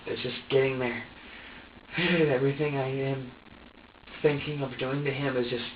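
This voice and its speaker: A man being questioned by police, talking in halting bursts, repeating words and swearing as he quotes himself. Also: mid-range voice, steady tone. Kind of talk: police interrogation recording. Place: interrogation room. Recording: roomy, distant, dull with hiss.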